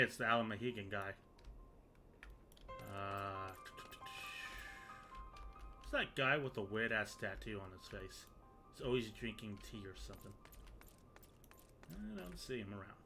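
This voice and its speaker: Lively, rambling man streaming a game. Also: lowish voice, gravelly. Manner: rambling, joking, casually profane. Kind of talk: casual gameplay commentary.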